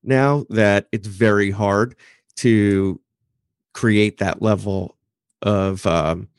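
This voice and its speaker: A man with a fairly low voice joins casual podcast chat with short asides and quick examples. The recording is close and dry. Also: fairly even intonation, clean tone, no echo. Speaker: podcast co-host.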